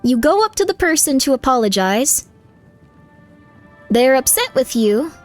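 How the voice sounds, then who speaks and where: A high-pitched woman talks casually to her live-stream audience, rambling through frank advice and answering chat as it comes in. She fills her speech with loose fillers, and soft music plays faintly underneath. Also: big pitch swings, measured pace. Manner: rambling, candid advice full of "like", reacting to chat.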